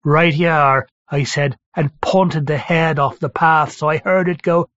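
A man reading a first-person story aloud in a steady, measured way. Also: a little high, no room sound. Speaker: narrator. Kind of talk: first-person audiobook narration. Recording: dry, slightly dull recording.

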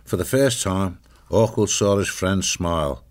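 A man reads the narration of a storybook drama in a calm, even way. His voice sits very low and sounds unhurried and clear. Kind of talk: scripted narration.

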